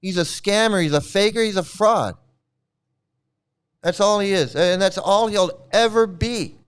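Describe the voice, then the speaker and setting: A man's voice: sits high, unhurried, smooth. A man hosting his own channel, ranting angrily in a heated, profane, repetitive way. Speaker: channel host. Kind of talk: angry ranting vlog commentary.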